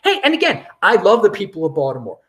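A man hosting his own show rambles through casual commentary, sarcastic and full of restarts. His pitch jumps around in a lively, animated way. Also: fast talker. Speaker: host of a cryptocurrency show.

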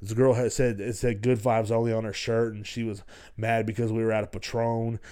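Dude doing a solo podcast rant, swears a ton, warm low-key tone. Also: male voice, little pitch movement, brisk. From Texas. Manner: profane, rambling and blunt. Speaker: podcast host.

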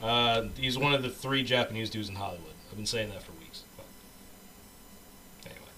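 A man's voice: on the low side, brisk, pushed and bright, slight background noise, poor audio. A man in casual chat, ranting with profane slang about a movie.

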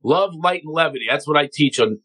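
A comedian guest from Philadelphia, telling stories on a talk show and acting out other people's voices. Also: male voice, fairly high pitch, quick pace, husky, low-quality recording. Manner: animated storyteller, acts out voices of others. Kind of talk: energetic talk show chat.

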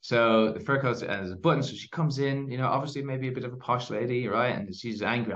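A man speaking as a podcast guest who tells stories in an animated way, with plenty of fillers and restarts. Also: mid-range voice, fast, few pauses, lo-fi sound. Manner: animated storyteller, lots of fillers. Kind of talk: casual interview storytelling.

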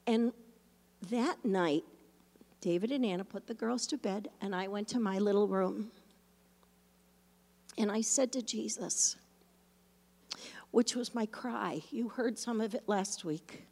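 Slow-speaking woman pastor in a reverberant hall. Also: mid-range voice. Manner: animated storytelling, imitating a toddler's animal sounds, then hushed and reflective. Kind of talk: storytelling sermon.

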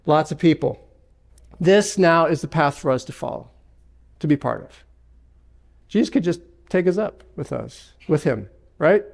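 Gravelly-voiced man preaching. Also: fairly high pitch, expressive, a little slow, pauses often. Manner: emphatic preaching with repeated phrases and personal stories. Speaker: pastor. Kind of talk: sermon. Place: church sanctuary.

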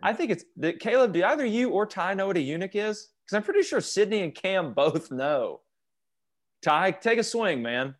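Animated man leading a Bible study. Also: sits high, normal speed. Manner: animated, questioning the group, joking. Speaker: youth Bible study leader. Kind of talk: interactive teaching over a video call.

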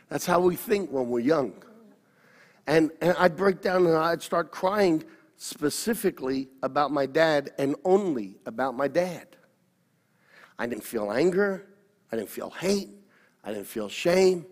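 A man, a pastor telling his personal story in an interview, earnest and often correcting himself. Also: on the high side. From Australia. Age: 60s. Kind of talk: personal testimony. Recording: long hall reverb.

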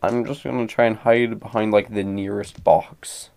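A man's voice: fairly low pitch, fairly even intonation, normal speed, gravelly, a little mellow. A young man playing a tabletop game, talking in a hesitant, stammering way. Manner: hesitant, stammering, slightly anxious. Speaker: player. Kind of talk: casual tabletop game play.

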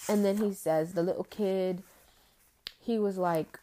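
Young woman for a casual faith vlog: heartfelt, rambling, low and mellow. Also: level tone, slow. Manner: earnest, rambling, full of "like" fillers.

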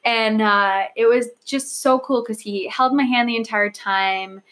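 A woman's voice: on the high side, steady tone, a little slow, crowd noise. A woman in her thirties chatting casually as a co-host, telling stories animatedly and acting out quoted dialogue. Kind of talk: casual chat.

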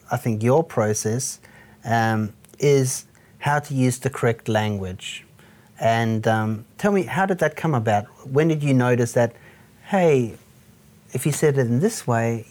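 A man's voice: medium pitch, darkish tone. A man hosting a casual interview, chatty and agreeable, with plenty of fillers. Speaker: podcast host.

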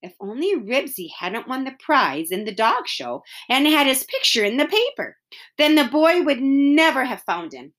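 A woman reads a children's story aloud in a bright, fairly high voice. Her delivery is animated, rising and falling through each sentence to keep young listeners engaged. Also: moderate pace. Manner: expressive storybook reading. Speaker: narrator. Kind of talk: reading a children's book aloud.

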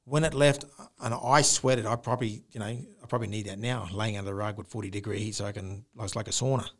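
A man's voice: lowish voice, quick pace. A man telling a personal ghost story in casual chat, acting out the sounds he heard. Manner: animated storyteller, mimics the noise with rising howls. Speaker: podcast co-host.

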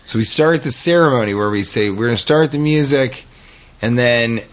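A man's voice: medium pitch, moderate pace. Rambling male comic telling a story. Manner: rambling, animated, acts out quotes. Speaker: podcast host. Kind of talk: casual comedic storytelling.

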